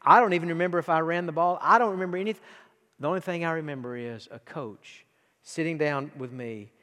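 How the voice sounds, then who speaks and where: A man in his forties with an East Texas drawl preaches a sermon with a slightly raised pitch. He tells stories in a folksy way, slips into near-hushed passages and then builds to fervent urging. His voice rings with the long reverb of a church hall. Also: quick pace. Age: 40s. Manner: folksy storytelling, dropping to a near hush then rising to fervent exhortation. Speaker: pastor.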